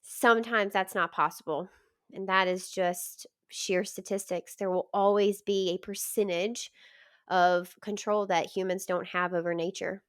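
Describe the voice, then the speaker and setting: A woman's voice: medium pitch, steady tone, measured pace, clean tone, dry recording, clean studio sound. A woman guest on a podcast, speaking frankly and emphatically, reassuring new parents. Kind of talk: podcast conversation.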